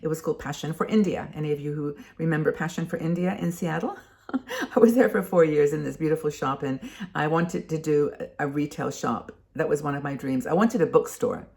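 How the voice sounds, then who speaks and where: A woman's voice: low voice, a little fast, gravelly, a little mellow. An older woman hosting a show, talking casually and rambling, with frequent restarts and fillers. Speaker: host. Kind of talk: casual talk to camera.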